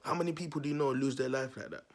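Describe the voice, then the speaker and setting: A man's voice: mid-range voice, fairly even intonation, racing, vocal fry. A man, a vlogger telling a neighbourhood story to his viewers in a slangy, repetitive way.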